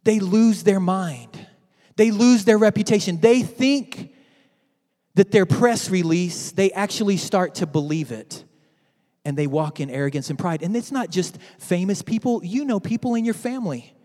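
A man preaching a sermon to his church, dramatic and swinging from loud to hushed. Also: high voice, animated, normal speed, in a large hall. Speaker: pastor.

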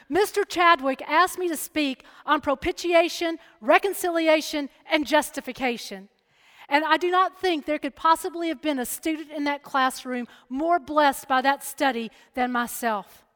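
Lady preaching a sermon, really high voice, big hall echo, tells a story then gets loud and emphatic. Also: normal speed. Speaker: speaker at a church or chapel.

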